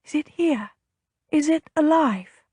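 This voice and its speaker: Audiobook: woman doing wide-eyed young heroine, soft breathy wonder, dry close read. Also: high-pitched, takes it slowly, no echo, voice pushed up. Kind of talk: audiobook character voice.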